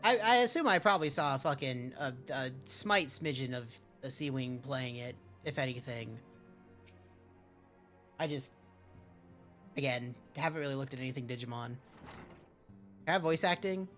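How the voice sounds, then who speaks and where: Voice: medium pitch, moderate pace, long pauses, a bit bright, faint music behind. A streamer chatting casually and swearing freely while playing a game live, often breaking off mid-sentence. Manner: profane, rambling, self-interrupting.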